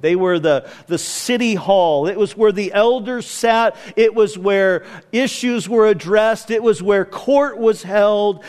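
A man preaching a sermon as a pastor, speaking conversationally with casual asides. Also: high-pitched.

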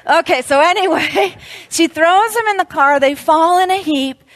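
A woman in her fifties speaking at a women's church event, telling a story in an animated way and laughing often. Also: very high voice, moderate pace.

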